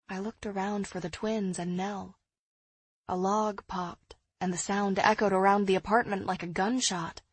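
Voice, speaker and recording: A woman narrating an audiobook in the first person, in a measured, hushed storytelling manner. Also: mid-range voice, husky, no room sound.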